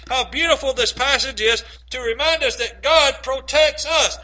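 A man preaching a sermon and reading scripture aloud, emphatic, stretching key phrases slowly and putting rhetorical questions to his listeners. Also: extremely high pitch, bright, forceful tone, rough recording. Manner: asks the congregation rhetorical questions.

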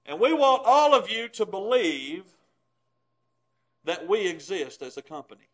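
High-voiced folksy preacher. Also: male voice, measured pace, low-quality recording. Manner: folksy, swings between loud emphatic bursts and low quiet asides; chuckles at his own points. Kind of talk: sermon.

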